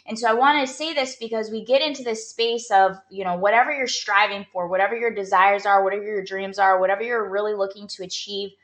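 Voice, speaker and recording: A woman's voice: mid-range voice, fairly even intonation, fast, hardly any pauses, fairly bright tone. A woman performance coach talking casually to her viewers, telling a story and giving motivational advice with many "like" fillers. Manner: chatty, storytelling, lots of "like" fillers. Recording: echoey room.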